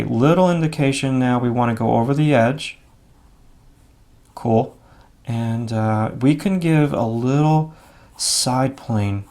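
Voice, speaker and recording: A man giving a relaxed drawing lesson, talking through each stroke as he draws, with frequent fillers and self-critical asides. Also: mid-range voice. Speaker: drawing instructor. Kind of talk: casual instructional narration while drawing.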